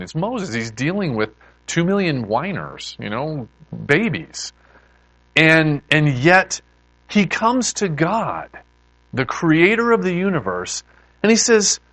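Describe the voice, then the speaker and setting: A man preaching in a relaxed, chatty way, often stopping to restart a sentence. His pitch swings widely as he talks. The sound is dry and close, with no room echo. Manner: animated, conversational preaching with many restarts. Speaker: pastor. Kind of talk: sermon.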